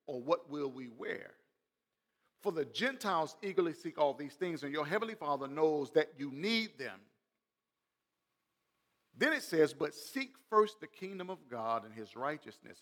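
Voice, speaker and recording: A man, a pastor, preaching a sermon. He swells and drops in volume and talks straight to the congregation with questions. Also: fairly high pitch. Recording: long hall reverb.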